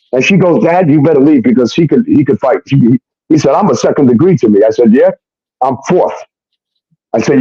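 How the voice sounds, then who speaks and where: A man's voice: medium pitch, quick pace, husky, no room sound, highs cut off. A man telling his own story in casual talk, swearing often and acting out what others said. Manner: profane, animated retelling with quoted dialogue.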